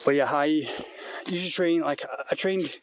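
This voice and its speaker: A man's voice: a little high, steady tone, moderate pace. A man talking into a handheld phone while hiking an outdoor trail, rambling and out of breath. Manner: rambling, blunt, talking while walking uphill. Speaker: vlogger. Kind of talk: casual vlog while hiking. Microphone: phone held in hand. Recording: noisy outdoor phone recording.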